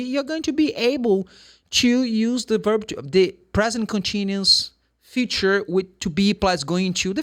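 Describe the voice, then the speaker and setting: A man with a Brazilian Portuguese accent, an English teacher explaining grammar and slowly repeating example sentences. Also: sits high, pushed and bright.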